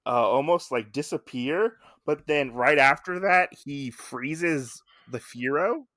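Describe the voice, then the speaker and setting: A man's voice: a little high, slow pace, sharp tone, no room sound, studio quality. A man co-hosting a casual podcast, chatting in a rambling way with many fillers. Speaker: podcast co-host. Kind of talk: casual chat.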